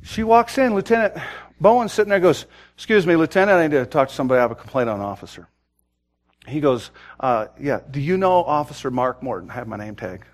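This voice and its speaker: A pastor preaches a sermon in a fairly high, animated voice at a fast pace. He lowers his voice for a quiet personal story, then rises into loud, urgent exhortation, often repeating words as he begins a thought.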